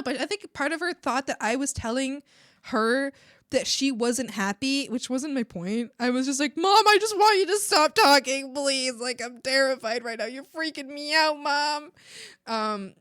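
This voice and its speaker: A woman's voice: fairly high pitch, dry recording, studio quality. A young woman streaming while she draws, chatting casually in a rambling, emphatic way with many fillers and restarts. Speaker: art streamer. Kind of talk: casual chat while drawing.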